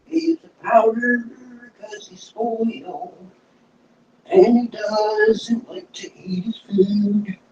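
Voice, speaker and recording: A man putting on a squeaky, drawn-out baby-talk voice to tease his dog. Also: fairly even intonation, a little mellow, reverberant. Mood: cooing. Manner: cooing, drawn-out, teasing. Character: man's high sing-song baby talk to a dog. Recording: distant, dull home recording with faint noise.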